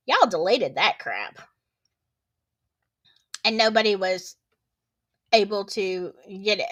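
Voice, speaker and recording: A woman's voice: medium pitch, lively intonation, unhurried, pauses often, a bit bright. A woman with a Southern US accent, hosting a casual solo livestream, chatting in a folksy, drawling way and reading viewer comments aloud.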